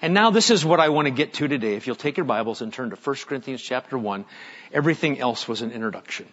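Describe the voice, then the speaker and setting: A male pastor preaching a sermon, telling stories dramatically and swinging from hushed, slow lines up to loud, emphatic ones. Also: mid-range voice, expressive, slightly rough, lo-fi sound.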